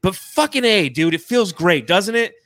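Excited American man hosting a fan podcast. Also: high voice, moderate pace, no room sound, studio quality. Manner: emotional, swears freely, reads donations aloud. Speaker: podcast host. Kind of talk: excited casual livestream chat.

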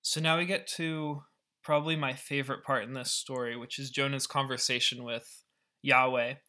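A man's voice: medium pitch, bright, forceful tone. A man and podcast host who explains a scripture story in a casual, wry way, with asides. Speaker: podcast Bible teacher.

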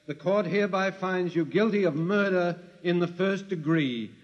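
An actor playing a stern, formal judge pronouncing sentence in an old radio drama. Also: male voice, high voice, normal speed, natural voice. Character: stern male trial judge. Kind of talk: 1950s radio drama acting. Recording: dull recording with long reverb.

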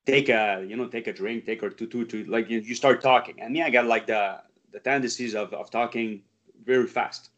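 A French-speaking man from Quebec with a Quebec French accent, a karate teacher who is a guest and talks in a halting, frank, swearing way with many restarts. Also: medium pitch, a bit bright. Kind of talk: casual interview chat. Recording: muffled lo-fi audio.

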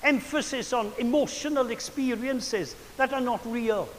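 A man preaches a sermon in an unusually high voice. He speaks with earnest emphasis, and the words ring in a reverberant hall over a faint hiss. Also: a little slow. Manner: earnest, emphatic preaching with rising and falling volume.

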